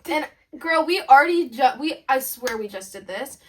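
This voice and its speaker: Teen girl podcast co-host, lively chatty storyteller, high-pitched, recorded a bit off-mic with faint background noise. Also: moderate pace, distant mic. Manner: animated storytelling with quoted voices. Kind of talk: casual chat.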